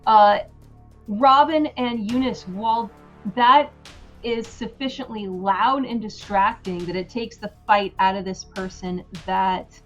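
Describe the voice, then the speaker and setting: A woman's voice: medium pitch, slow pace, dull audio, soft background music. A woman acting as game master who narrates a tabletop game scene unhurriedly, with many fillers.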